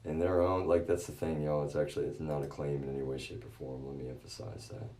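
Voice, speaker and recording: A man streaming live, ranting with heavy swearing and constant repetition, swinging from low muttering to shouts. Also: level tone, fast talker. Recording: echoey room.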